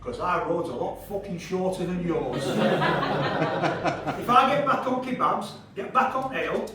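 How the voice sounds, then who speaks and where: Sweary Yorkshire comic, high voice. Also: male voice, expressive, measured pace, heavy background noise. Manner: brash, sweary, crowd-teasing storytelling. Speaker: stand-up comedian. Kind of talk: stand-up comedy set. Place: comedy club stage. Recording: echoey club, far from the mic, audience laughter.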